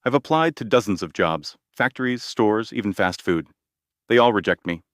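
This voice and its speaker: A man reading the lines of a determined, frustrated young woman, in a sharp but steady manner. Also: fairly low pitch, moderate pace, no echo, clean studio sound, close to an everyday voice. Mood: defiant. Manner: sharp, steady, pushes back.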